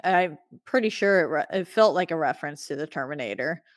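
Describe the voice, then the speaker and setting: Chatty low-voiced woman podcaster. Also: expressive, brisk, dry recording, studio quality. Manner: chatty, many fillers, acts out quotes. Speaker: podcast co-host. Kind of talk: casual movie recap chat.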